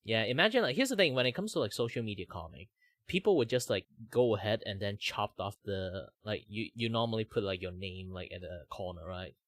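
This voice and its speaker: A man from Malaysia chats casually on his stream. His voice sits low but swings widely in pitch as he rambles, and the sound is dry and close. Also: expressive, brisk, fairly bright tone, dry recording. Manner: rambling, with many fillers and laughs. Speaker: streamer host.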